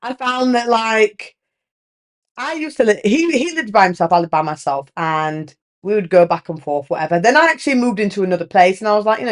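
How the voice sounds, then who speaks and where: A woman's voice: medium pitch, lively intonation, fast. A young British woman hosting a podcast, talking frankly and in a rambling, confessional way, full of "like". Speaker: podcast host. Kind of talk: candid confessional chat.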